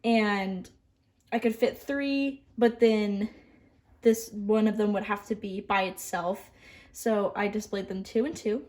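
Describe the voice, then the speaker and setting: Showing off her model horse collection, a young woman chats in an upbeat, casual way with a steady tone in her mid-range voice. She speaks slowly, occasionally stuttering or restarting, and lets her asides fade off softly.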